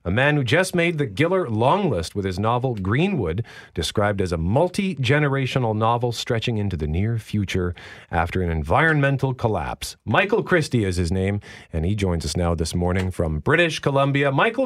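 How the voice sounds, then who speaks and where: A man's voice: lowish voice, normal speed. A man hosting morning radio in a playful, chatty way. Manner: lively, playful host. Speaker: radio host.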